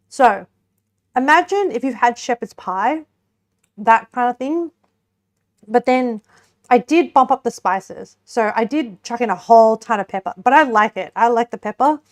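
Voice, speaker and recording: A young woman streamer chatting casually to her viewers while cooking and tasting a pie, giggling now and then. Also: fairly high pitch. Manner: chatty, giggly, talks to chat while eating.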